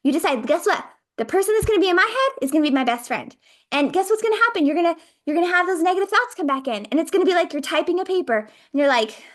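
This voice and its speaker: A woman's voice: extremely high pitch, lively intonation, very fast. A woman hosting a motivational talk show, speaking straight to the listener in an upbeat, encouraging way and acting out the voice in her head. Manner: upbeat, encouraging, acts out inner dialogue. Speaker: podcast host.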